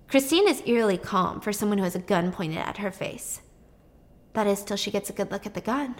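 A woman casually retelling a film's plot in an animated, chatty way, swearing freely. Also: medium pitch, brisk. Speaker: storyteller. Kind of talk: casual movie plot recap.

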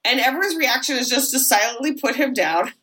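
A woman podcast host giving an animated, comedic film recap with swearing and asides. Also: high-pitched, brisk.

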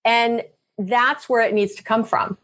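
A woman in a podcast chat giving blunt, coaching advice to a couple. Her voice sits a little high, and she talks in an animated way, dropping into quick acted-out lines to show what people say. The tone stays direct and practical. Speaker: psychologist guest.

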